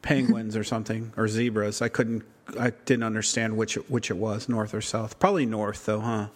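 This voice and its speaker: A man's voice: fairly low pitch, level tone, normal speed. A man co-hosting a podcast in casual chat, wry and joking, rambling and often restarting his sentences. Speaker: podcast co-host.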